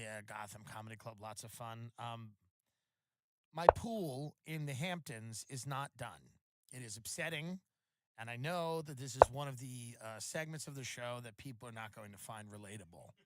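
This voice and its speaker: A man hosting a podcast, telling comedic stories in a sardonic, mock-outraged monologue. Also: mid-range voice. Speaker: podcast host.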